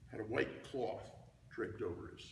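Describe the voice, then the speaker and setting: An older man telling a lively story from his childhood to an audience, often checking in with "okay?". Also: fairly low pitch, normal speed, creaky, a little hiss or hum. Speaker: speaker giving a talk. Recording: roomy hall, mic at a distance.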